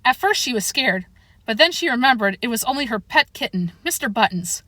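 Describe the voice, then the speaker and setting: A woman reading a children's chapter book aloud as narrator, in a steady read-aloud manner. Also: a little high, brisk, no echo. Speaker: audiobook reader. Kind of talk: storybook narration.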